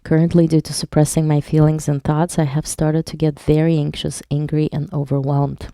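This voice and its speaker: A woman's voice: low voice, flat delivery, moderate pace, mellow, no room sound, clean studio sound. A woman hypnotherapist leading a live online workshop, reading viewers' chat aloud and explaining patiently, with some wordplay. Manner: plays on words while teaching.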